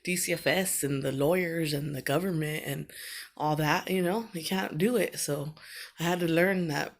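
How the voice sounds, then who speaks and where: A middle-aged woman with a deep voice records a personal video message to her absent son at a moderate pace. She talks in a rambling, heartfelt way, using lots of fillers.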